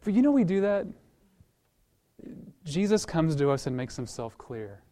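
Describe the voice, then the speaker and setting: A male pastor preaching a sermon in a conversational way, telling a story with lively acted-out voices and repeating words as he restarts, then praying. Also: a little high, measured pace. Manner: animated storytelling, acts out quoted voices.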